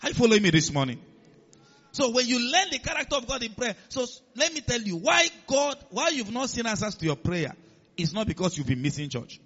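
High-voiced emphatic male preacher. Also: very animated, brisk, fairly bright tone, slightly rough, muffled recording. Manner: emphatic, calls on the congregation to respond. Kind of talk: sermon.

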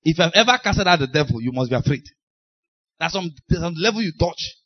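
A man preaching a sermon, telling deliverance stories with laughs and sudden shouted lines. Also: on the high side, brisk. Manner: animated storytelling, laughing, shouting bursts. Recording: dull lo-fi recording.

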